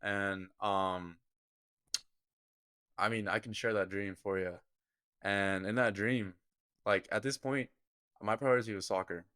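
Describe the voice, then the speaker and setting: A man's voice: on the low side, steady tone, measured pace, long pauses, bright, forceful tone, smooth, dry recording. A young man, a guest on a podcast, earnestly telling a personal story in vivid detail. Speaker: podcast guest, football kicker. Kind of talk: personal storytelling in a casual interview.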